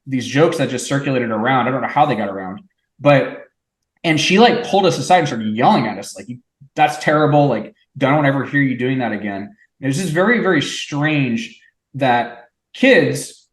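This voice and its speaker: A man's voice: medium pitch, expressive, normal speed. A man in his forties telling stories in a casual chat among old friends, wry and dry, with lots of hedging fillers. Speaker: podcast co-host. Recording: echoey room.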